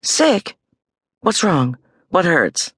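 A woman voicing a patient mother who speaks calmly and a little doubtfully in an audiobook. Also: on the low side, very slow, slightly rough, no room sound, studio quality, voice pushed up, exaggerated voice. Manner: calm, gently doubting. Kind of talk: audiobook character voice.

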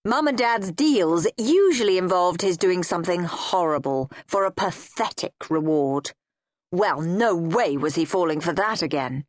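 English woman, expressive children's audiobook narrator, slow, very lively delivery. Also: lowish voice, no echo, studio quality. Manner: playful, relishing the comedy, theatrical.

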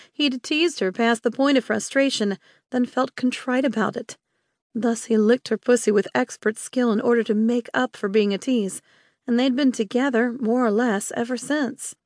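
A woman narrating an audiobook in a lively, expressive storytelling manner. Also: a little high, no echo, clean studio sound.

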